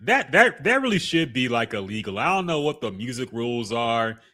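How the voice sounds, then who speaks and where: A man co-hosting a podcast, giving relaxed, opinionated takes on music in casual chat and laughing often. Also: mid-range voice, brisk. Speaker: podcast co-host.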